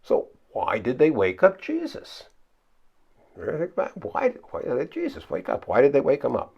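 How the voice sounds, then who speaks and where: A man's voice: huge pitch swings, moderate pace, creaky, husky, dull audio. A pastor preaching a conversational sermon, asking his listeners questions and answering them himself. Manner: acts out the frightened disciples in high pleading voices.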